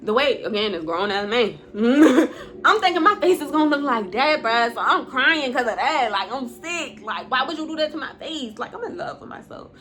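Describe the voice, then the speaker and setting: A woman's voice: sits high, animated, normal speed, a bit bright, slight background noise. Blunt, profane woman telling a story. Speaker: YouTuber telling a personal story. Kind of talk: storytime vlog.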